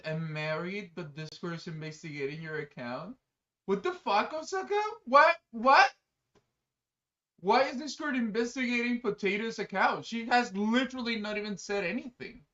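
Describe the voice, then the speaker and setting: Male streamer, high and bright, rambling and excitable chat, lo-fi dull stream mic. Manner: excitable, bursts into loud exclamations; chatty, rambling, many fillers. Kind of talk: casual live-stream chat.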